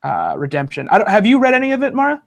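Talking at a quick pace, this high-pitched podcast host has vocal fry and pitch that swoops wildly. He chats casually about comic books, rambling with many fillers and false starts.

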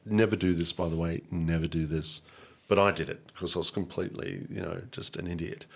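An Australian man, a guest on an interview, tells an emotional personal story in an earnest, animated way, repeating and restarting his words often. His voice is low, gravelly, and slightly rough, and he talks a little fast.

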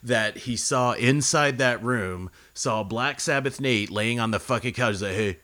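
Bright-voiced man swearing through a rambling story. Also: mid-range voice, unhurried. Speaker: podcast co-host. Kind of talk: casual chat, storytelling.

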